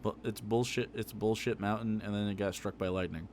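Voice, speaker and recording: A man's voice: lowish voice, steady tone, brisk, darkish tone, slight background noise. A man live-streaming his reaction to a video, swearing freely, laughing and talking back at the screen.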